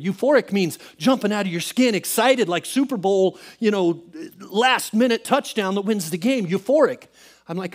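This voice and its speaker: A man preaching a sermon as pastor, swinging from loud emphatic bursts to soft hushed asides. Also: high-pitched, lively intonation, moderate pace.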